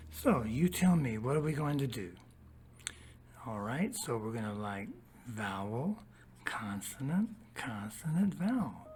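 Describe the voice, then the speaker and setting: A teacher reading a storybook passage aloud, then walking listeners step by step through a worksheet, talking straight to them. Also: mid-range voice. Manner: slow, deliberate, spells out each step; talks straight to young listeners.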